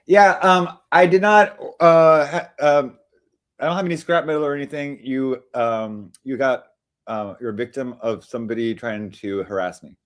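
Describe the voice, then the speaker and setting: A man's voice: medium pitch, normal speed. A man hosting a casual livestream from home, chatting in a meandering way with lots of fillers and restarts. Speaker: livestream host. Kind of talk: rambling casual livestream chat.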